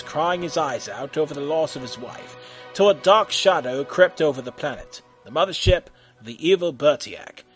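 Male narrator, deadpan comic storytelling, slightly higher voice, faint music bed.

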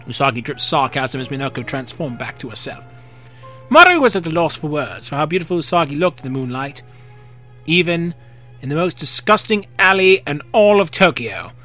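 A young man with a bright, slightly high voice reads fan fiction aloud with loose, casual commentary. Faint music plays behind him. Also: sing-song, normal speed. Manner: casual, jokey, swears freely.

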